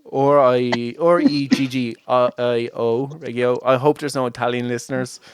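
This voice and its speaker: A podcast host talks casually from home, rambling through filler words and often breaking into laughter. His voice is smooth and clear, at a middle pitch, recorded close and dry with no room sound. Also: level tone, measured pace, no echo. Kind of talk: casual chat.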